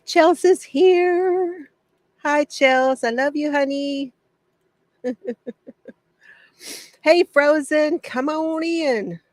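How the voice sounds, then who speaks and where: A woman's voice: sits high, steady tone, drawn-out words, long pauses, no echo. A woman hosting a casual craft livestream from her home shed, greeting viewers by name, chatty and often laughing.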